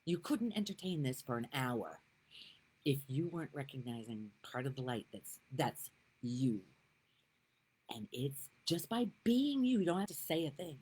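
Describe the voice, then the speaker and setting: A middle-aged woman giving casual spiritual talk to her viewers, gushing and laughing often, sometimes dropping to a soft whisper. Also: a bass voice, husky, poor audio. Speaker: spiritual vlogger.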